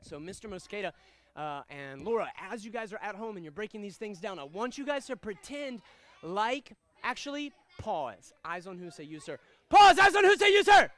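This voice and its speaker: A young man teaching a karate class, switching between loud commands and relaxed, chatty explanations to students. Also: sits high, normal speed. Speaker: karate instructor. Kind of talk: teaching a live martial arts class.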